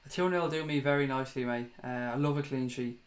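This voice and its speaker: Host, young man, casual chat, mid-pitched, swears freely. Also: fairly even intonation, fast. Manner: chatty, swears casually, laughs at himself. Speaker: fan show host reading viewer comments.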